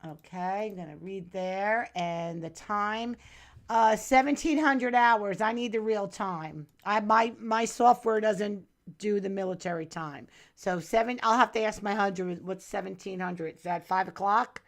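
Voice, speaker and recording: A woman's voice: mid-range voice, measured pace. A middle-aged woman from New Jersey, chatting casually as she reads a viewer's astrology chart on a live stream, calling the viewer hon and doll.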